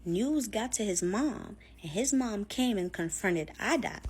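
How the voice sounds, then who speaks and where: A woman's voice: mid-range voice, lively intonation, measured pace, a little mellow, breathy edge. A woman telling a scary story in a chatty, casual way, full of fillers, acting out what people said. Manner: chatty, filler-heavy, acts out quotes.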